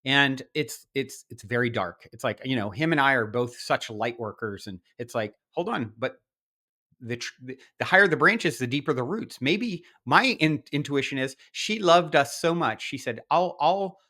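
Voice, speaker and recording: A middle-aged man, a podcast guest, telling personal stories in an animated way, with many restarts and quoted asides. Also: medium pitch, moderate pace, few pauses. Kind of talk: storytelling in conversation.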